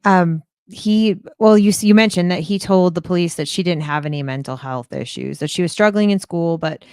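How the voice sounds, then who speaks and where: A woman's voice: on the low side, normal speed, darkish tone, smooth, no echo, studio quality. A woman guest co-host discussing a true crime case in a thoughtful, hesitant way with frequent ums.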